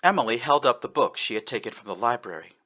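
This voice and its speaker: A man reading a fanfiction story aloud in scripted narration, changing his voice for the characters. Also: fast talker. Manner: expressive, shifts pitch for characters. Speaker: fanfiction audiobook reader.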